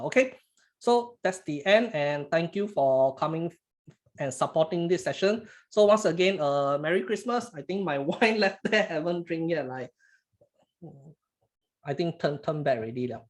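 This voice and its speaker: A man with a Singaporean English accent hosting a casual live trading webinar, halting and repeating words, chatty with "lah" at phrase ends. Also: a little high, animated. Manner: chuckles while talking, snacking between lines.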